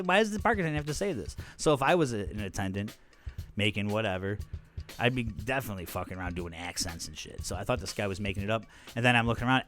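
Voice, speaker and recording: A man's voice: fairly low pitch, fairly bright tone. A man hosting his own podcast in a casual comedic monologue, rambling, self-mocking and full of profanity. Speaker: podcast host.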